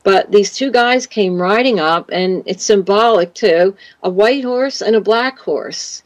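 Woman, guest storyteller, rambling, dry close sound, mid pitch. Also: measured pace, no echo, muffled recording. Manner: rambling, repeats words, says "you know" and "like". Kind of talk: telling a personal story on a radio show.

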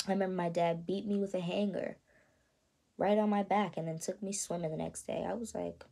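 An 18-year-old woman telling her own story in a vlog, soft and halting, often stopping to ask "you know what I mean". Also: fairly low pitch, steady tone, creaky. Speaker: vlogger. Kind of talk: confessional personal storytelling.

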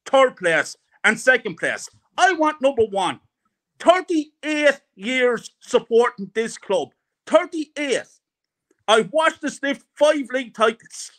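Angry, ranting middle-aged man, high and bright. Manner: angry, ranting, repeats himself. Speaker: guest fan. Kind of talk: heated fan rant.

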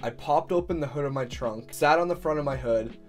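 A man's voice: on the high side, a little fast, soft background music. A young man from Canada narrating his own travel story in a scripted, earnest and upbeat voice-over. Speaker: vlogger.

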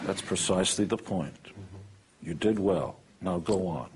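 A man's voice: deep voice, animated, extremely slow, long pauses, a little hiss or hum. A man telling blunt, boastful and joking stories about his life and his work. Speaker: interviewee. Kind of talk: motivational anecdotes.

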